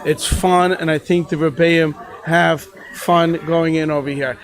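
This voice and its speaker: A man's voice: on the high side, steady tone, measured pace. A man, a rabbi at a yeshiva fundraiser broadcast, telling playful, jokey anecdotes in a casual way. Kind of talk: casual storytelling.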